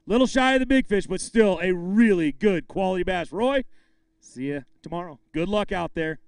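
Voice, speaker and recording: A man's voice: high-pitched, expressive, moderate pace, gravelly, clean tone, dry recording. A man emceeing a live fishing tournament weigh-in, bantering with anglers and calling out the weights with bursts of hype.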